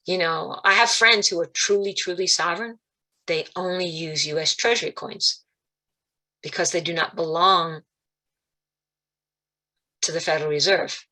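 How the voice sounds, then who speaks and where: Woman guest on a video call, bright and animated storyteller, acts out quotes. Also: normal speed, pauses often. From Italian-American, Calabrese roots. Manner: animated storytelling, quotes voices with big pitch jumps. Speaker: guest speaker. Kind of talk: spiritual talk on a video call.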